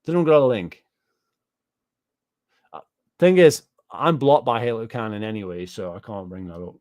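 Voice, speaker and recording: A man's voice: fairly low pitch, normal speed, a little mellow, no room sound, studio quality. Profane, rambling man. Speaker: YouTuber reacting to chat. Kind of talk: casual ranting livestream commentary.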